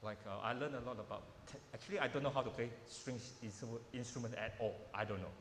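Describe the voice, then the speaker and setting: A man's voice: medium pitch, quick pace, fairly bright tone, a little hiss or hum. Man coaching piano in an echoey hall. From Malaysia. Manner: informal coaching, repeating words, non-native phrasing. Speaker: piano teacher giving a workshop. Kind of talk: masterclass teaching. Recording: roomy hall echo with piano playing.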